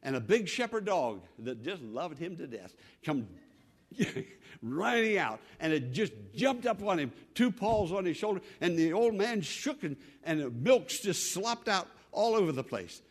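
A man's voice: sits high, sing-song, unhurried, slightly rough. A man preaching a sermon with dramatic, repetitive emphasis, acting out the voices of the people in his story.

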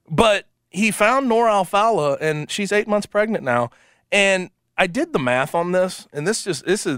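A man hosting sports talk radio, animated and emphatic, quick to laugh. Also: on the high side, no echo, studio quality. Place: radio studio.

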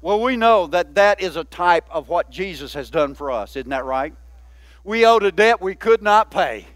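A man's voice: high-pitched, animated, moderate pace, a bit bright, no room sound. A man, a pastor, preaching a sermon in a folksy, conversational way with many asides to the church.

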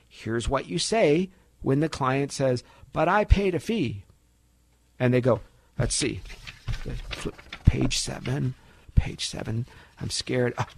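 A man's voice: on the high side, dry recording. A man hosting a financial radio talk show, talking animatedly and acting out little dialogues between clients and brokers.

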